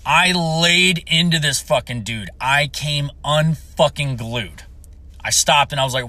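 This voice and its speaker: A man's voice: a little high, measured pace, pushed and bright. A young man who served in the Marines tells a story in a blunt, heated and heavily profane way. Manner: heavy swearing, blunt and heated. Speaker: Marine veteran telling a story.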